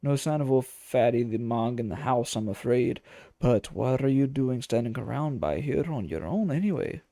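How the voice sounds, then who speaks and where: A man's voice: mid-range voice, animated, moderate pace, dark tone, dry recording, voice pushed down, close to an everyday voice. A man voicing a cheeky little male fairy from a game, with a lilt and slangy, teasing talk. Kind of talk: game dialogue read-aloud.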